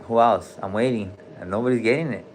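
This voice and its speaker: A man's voice: lowish voice, fairly quick, slight background noise. A man hosting a casual livestream from a hospital room, joking loosely in heavy slang and calling out viewers' names. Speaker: livestream host.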